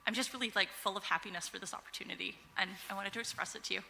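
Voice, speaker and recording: A woman's voice: medium pitch, very fast, gravelly, noisy background. A female election candidate speaking effusively and gratefully at a forum. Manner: warm and effusive. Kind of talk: debate remarks.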